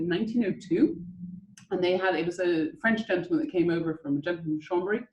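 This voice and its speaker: A woman's voice: lowish voice, reverberant, poor audio. A woman hosting a guided whisky and chocolate tasting over a video call, chatty and enthusiastic as she coaches the listeners.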